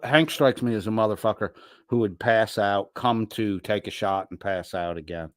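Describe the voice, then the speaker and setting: A man's voice: on the low side, normal speed, no room sound, studio quality. A man hosting a livestream, reading viewer comments aloud and answering them in a crude, mocking, profane way. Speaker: livestream host.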